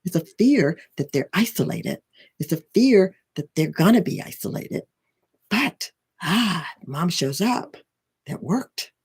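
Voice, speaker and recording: Husky, rambling spiritual coach. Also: medium pitch, animated, slow pace. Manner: rambling, full of restarts and tag questions. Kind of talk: casual teaching talk.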